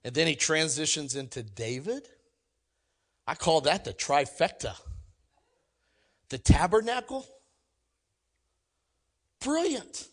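A man preaching a sermon, energetic and emphatic, swinging from loud exclamations to quiet asides and acting out quoted lines. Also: very high-pitched. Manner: acts out quoted voices and jokes with the congregation. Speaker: pastor.

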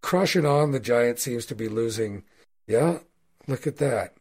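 A man narrating a tabletop role-playing game as game master, telling a fight scene in a loose, animated, swearing way. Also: medium pitch, unhurried, breathy edge. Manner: animated, swearing, casual storytelling.

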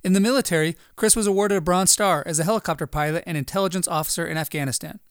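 A man hosting an interview podcast with a high, quick voice. He reads a polished introduction and asks questions in a measured way. The sound is dry and close, with no room echo. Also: clean tone. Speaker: podcast host.

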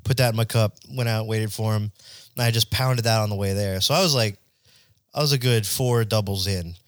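A man's voice: fairly low pitch, a little fast, no room sound, studio quality. A young man hosting a podcast, telling rambling, crude, jokey stories in casual chat. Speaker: podcast host.

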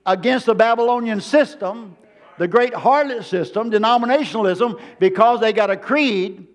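A man with a high-pitched voice delivers a sermon from the pulpit. He hammers his points home with repeated phrases and reaches out to the congregation for amens. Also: moderate pace. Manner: emphatic preaching with repeated phrases. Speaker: preacher.

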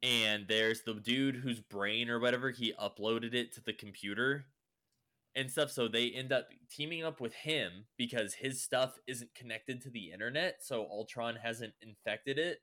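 A man's voice: mid-range voice, normal speed, pushed and bright. A young man casually recapping a show, rambling with lots of fillers and swearing. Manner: rambling, heavy use of "like" and swearing.

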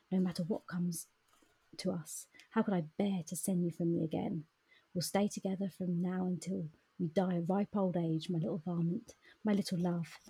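A woman co-hosting a book podcast, chatting casually and reading passages in a soft whisper. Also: fairly low pitch, husky. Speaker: podcast co-host.

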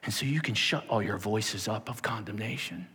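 A man voicing a calm, protective divine advocate who speaks low and reassuringly, in a reverberant hall. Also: moderate pace, husky, exaggerated voice. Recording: long reverb of a large hall.

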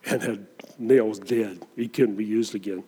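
A man's voice: on the low side, steady tone, unhurried, dark tone, slightly rough, long reverb tail. A man preaching a sermon as pastor, talking conversationally and dramatizing the scripture he reads.

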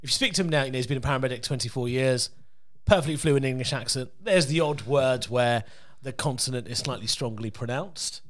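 Bright storytelling British guy. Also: mid-range voice, a little fast. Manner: sweary, storytelling. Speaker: podcast guest. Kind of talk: casual chat.

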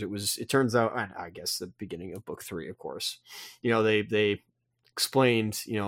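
A man's voice: fairly low pitch, no room sound, studio quality. A man co-hosting a podcast, casually recapping a comic with jokes and frequent self-corrections. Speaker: podcast co-host.

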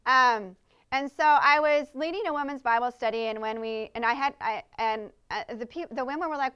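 A woman's voice: fairly high pitch, moderate pace, bright, forceful tone, clean tone, muffled recording. A woman preaching a conversational sermon in a church service, earnest and chatty, often asking the congregation questions.

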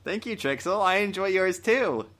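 A man plays a tabletop game with a bright, sharp-edged voice and a lively, bouncing pitch. He teases and jokes as he goes. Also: normal speed. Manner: playful, teasing, laughs often. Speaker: player. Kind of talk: playing a tabletop game podcast.

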